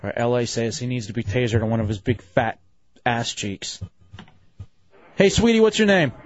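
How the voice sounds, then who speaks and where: A man's voice: medium pitch, big pitch swings, normal speed, dull audio. A male radio host bossing around and mocking a caller during on-air banter. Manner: mocking, bossy.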